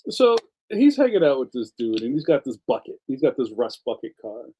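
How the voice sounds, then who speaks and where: Male cartoonist and stream host: rambling, slangy, laughs a lot, mellow tone. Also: medium pitch, very animated, fairly quick, husky, lo-fi sound. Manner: rambling storyteller who laughs often and slips into slang. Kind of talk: casual livestream chat reading comments.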